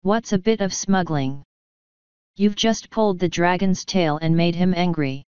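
A woman reading the part of a retired older male colonel, speaking in a measured, wry and quietly scornful way. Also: fairly low pitch, clean tone, no echo, lightly acted. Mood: dry wry. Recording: dull lo-fi sound.

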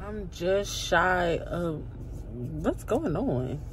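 In this casual vlog, a woman in her 20s talks dramatically to her viewers and keeps addressing them directly, though she sounds tired. Her voice sits on the low side, sing-song, with drawn-out words. Poor audio from a phone video, with car noise behind her.

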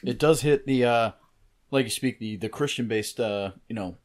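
A man's voice: medium pitch, normal speed. Rambling male podcast co-host. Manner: rambling, thinks aloud with many fillers. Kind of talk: casual podcast chat.

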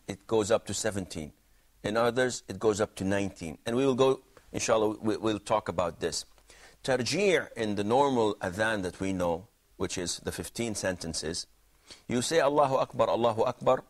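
A man teaching a religious jurisprudence class, explaining points and quizzing students by name. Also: on the low side. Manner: questioning, explanatory, repeats himself. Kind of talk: classroom lesson with questions to students.

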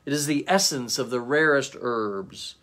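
Mighty proud warrior, loud and declaring, read by a male pastor. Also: medium pitch, measured pace, lightly acted.

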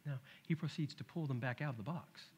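A middle-aged man preaching a sermon, telling a family story with lively acted-out voices. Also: medium pitch, brisk, slight background noise. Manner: animated storytelling, acts out his toddler's shouts. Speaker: pastor. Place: church sanctuary.

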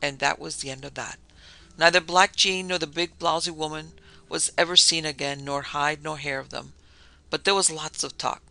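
Male narrator, fairly high, very bright tone with gravelly fry; first-person storytelling with lightly voiced dialogue. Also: steady tone, normal speed, no echo. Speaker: podcast narrator. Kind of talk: scripted narration of a vintage tale.

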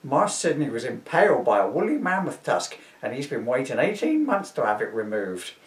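Indignant gossipy housewife, lively grumbling delivery, read by a man. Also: medium pitch, moderate pace. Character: complaining bigoted housewife, working class. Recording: roomy, from a distance.

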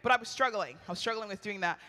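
Animated woman preaching in a reverberant hall. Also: mid-range voice, rapid-fire. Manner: animated, chatty, laughs often, acts out quoted lines. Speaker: women's retreat speaker. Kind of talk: storytelling sermon.

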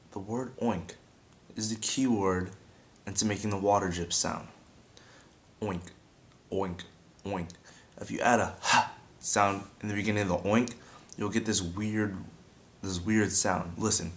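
A young man with a fairly low voice casually teaches beatbox sound effects in a video tutorial, breaking off now and then to demonstrate mouth sounds. There's slight background noise.

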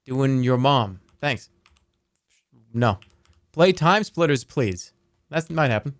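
A man streaming a game, chatting casually and joking as he reacts out loud to what happens. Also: mid-range voice, expressive, takes it slowly, dry recording, studio quality. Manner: playful, jokey, reacts out loud, swears. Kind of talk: casual live-stream gameplay commentary.

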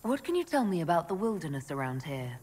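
A woman's voice: on the low side, big pitch swings, quick pace, a little mellow, breathy edge. An actress playing a female game hero who questions the locals with curiosity. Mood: curious. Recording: game audio with background noise.

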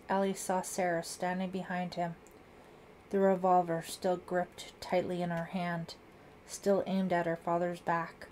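A woman narrating a thriller audiobook in a measured, dramatic reading. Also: lowish voice, a little mellow, a little hiss or hum.

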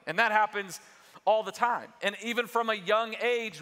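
A man's voice: high-pitched, measured pace, pushed and bright. A man preaching a sermon as pastor, talking in a conversational way that builds to emphatic points. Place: large church auditorium. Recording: long hall reverb.

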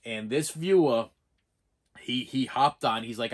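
A man's voice: mid-range voice, a little slow. A man hosting his own channel, rambling in a casual vlog, tripping over and repeating words as he thanks a viewer sincerely. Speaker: channel host.

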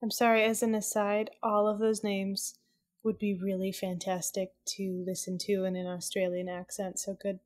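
A woman co-hosting a casual podcast, chatty and quick to joke. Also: mid-range voice, completely flat delivery. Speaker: podcast co-host.

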